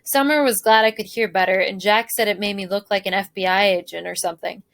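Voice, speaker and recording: A woman teacher reading a novel aloud to a class in a clear, steady storytelling voice. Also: mid-range voice, fast talker, no room sound.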